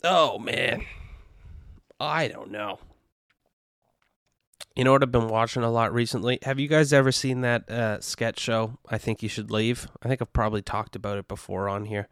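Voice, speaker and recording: A man hosting a solo podcast, rambling in a casual, profane, animated way into a podcast microphone. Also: medium pitch, normal speed, no echo, clean studio sound. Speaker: podcast host.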